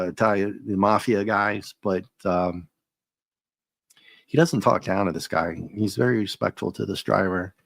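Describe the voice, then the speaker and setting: Man, gravelly, lowish voice, laid-back comic review. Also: no room sound, studio quality. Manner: laid-back, paraphrases dialogue with chuckles.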